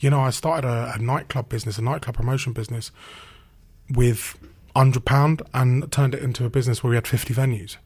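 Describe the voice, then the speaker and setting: A man who works as a radio presenter, telling stories in a casual interview, chatty and animated with lots of "like" and "you know.". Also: mid-range voice, a little fast, breathy edge.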